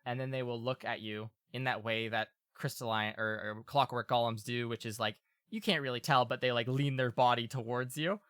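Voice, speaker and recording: A man narrating as game master in a casual, meandering way, often pausing to correct himself. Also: mid-range voice, steady tone, a bit bright, smooth, no room sound, clean studio sound. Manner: casual and meandering, with many fillers and self-corrections.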